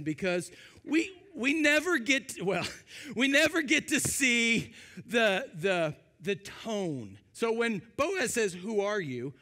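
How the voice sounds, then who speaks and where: A man preaching a sermon, animated and acting out voices for humor, in a church sanctuary. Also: high voice. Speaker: pastor. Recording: reverberant hall.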